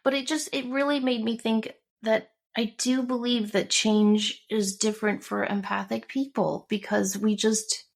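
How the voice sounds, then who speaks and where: A woman's voice: a little high, flat delivery, unhurried, vocal fry, hardly any pauses. A middle-aged woman co-hosting a casual chat, telling a personal story with emotion and acting out what others said. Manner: warm storytelling, emotional, acts out quotes. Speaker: podcast co-host.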